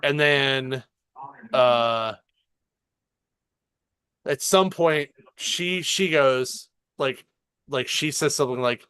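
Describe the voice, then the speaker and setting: Guy on a comics podcast getting hyped retelling a scene, swears a lot, smooth clear voice, dry close sound. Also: medium pitch, extremely slow, pauses often, no echo. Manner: excited storytelling, swearing, acting out dialogue. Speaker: podcast co-host. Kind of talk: casual chat, retelling a show.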